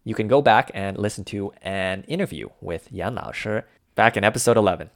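A man co-hosting a language lesson, calmly walking through Mandarin phrases for ordering food. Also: on the low side, dry recording, studio quality. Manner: unhurried, walks through each dish step by step. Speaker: language podcast co-host.

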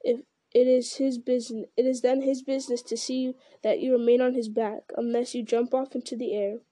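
A woman's voice: fairly high pitch, little pitch movement, dark tone, no room sound, close to an everyday voice. Woman reading as Gandalf, a grave old wizard. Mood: calm. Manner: grave, measured delivery that rises to urgent cries. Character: old male wizard, commanding and urgent. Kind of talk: reading a fantasy novel aloud.

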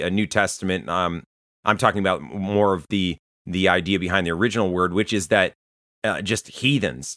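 Low-voiced man preaching a sermon. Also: bright, forceful tone, no echo, clean studio sound. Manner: conversational, storytelling preacher. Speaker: pastor. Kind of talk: sermon to listeners.

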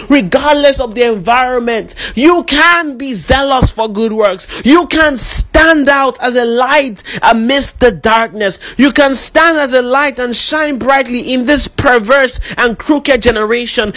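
A man's voice: extremely high pitch, a bit bright. A man preaching a sermon with fervent, repetitive exhortation, then leading a prayer.

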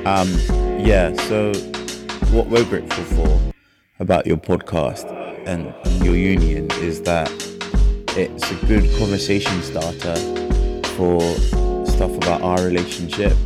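Brief: young London-accented man, very deep voice, voice memo over loud music. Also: steady tone, unhurried. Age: 20s. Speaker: listener sending a voice memo. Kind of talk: voice memo message.

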